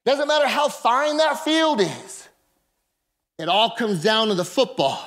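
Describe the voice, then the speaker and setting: A male preacher with a strikingly high voice delivers a fired-up sermon to his congregation. He builds up to loud, ringing shouts and keeps calling on the listeners to answer back. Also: very animated, a little slow. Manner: impassioned preaching, bursts of shouting, calls to the congregation. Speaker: pastor. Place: church service with a congregation.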